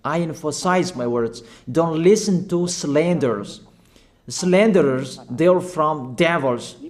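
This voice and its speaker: Slow, emphatic preacher man. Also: fairly high pitch. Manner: emphatic, repetitive exhortation in non-fluent English. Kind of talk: sermon.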